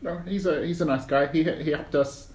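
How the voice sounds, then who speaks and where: A man playing a tabletop game, talking casually in a halting way. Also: on the high side, a little mellow. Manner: halting, hesitant. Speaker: player. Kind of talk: casual chat. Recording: roomy room echo.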